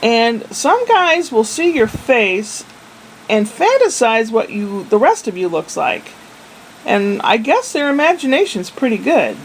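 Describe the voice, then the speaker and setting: Chatty older woman, slightly high voice. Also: very animated, measured pace, slight background noise, rough recording. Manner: chatty and meandering, self-deprecating. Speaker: vlogger. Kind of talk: casual video diary.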